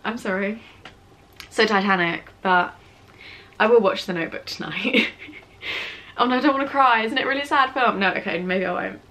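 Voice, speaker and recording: A teenage English girl talks straight to her camera in a relaxed Q&A vlog. She rambles, giggles and wanders off topic. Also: mid-range voice. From England. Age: teens. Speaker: vlogger. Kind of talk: casual Q&A vlog. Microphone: camera mic with ring light setup.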